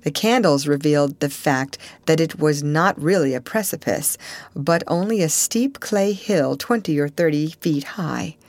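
A woman narrating a classic novel aloud in a measured, expressive storytelling manner. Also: low-pitched, no echo. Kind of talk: audiobook reading of a classic novel.

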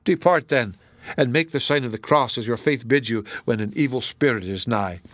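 A brooding, troubled young woman speaks low with tension in her voice, as a male reader plays her. The sound is dry and close. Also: moderate pace, dry recording, lightly acted. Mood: intense. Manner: low, intense delivery.

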